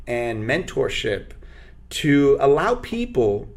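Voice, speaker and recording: A man whose first language is Spanish, telling stories as a guest in an interview, animated and acting out voices. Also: mid-range voice, takes it slowly. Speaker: actor and radio host, guest. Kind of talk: interview storytelling.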